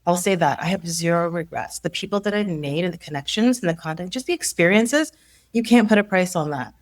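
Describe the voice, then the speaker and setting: A woman's voice: on the low side, expressive, fairly quick, no echo. A woman in her forties, a leadership coach guest, telling her story in casual conversation, acting out quotes and laughing often. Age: 40s.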